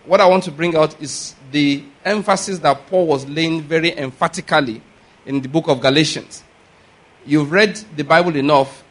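A male preacher with a slightly raised pitch delivers an emphatic sermon. He keeps checking in with his congregation and asks them direct questions as he explains scripture. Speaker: pastor.

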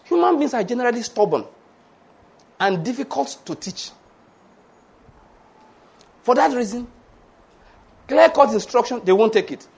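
A man preaching a sermon, animated and humorous, laughing often and acting out the voices he quotes. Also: extremely high pitch, a little slow, gravelly, long pauses, husky.

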